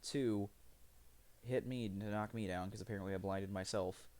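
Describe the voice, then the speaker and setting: A man's voice: fairly low pitch, steady tone, normal speed, a little mellow. A man streaming live, rambling through profane, self-mocking commentary as he plays.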